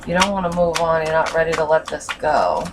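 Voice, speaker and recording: Woman doing a tarot reading, low voice, mic a bit far off, faint hiss, blunt and sweary. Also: expressive, fairly quick. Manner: blunt and frank, swears freely. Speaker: tarot reader.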